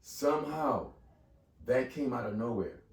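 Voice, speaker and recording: A man in his fifties speaks at a measured pace and medium pitch as a podcast guest, relating a personal story in a casual chat. He animatedly acts out the voices of the story's people. The recording has echo, with the mic far off.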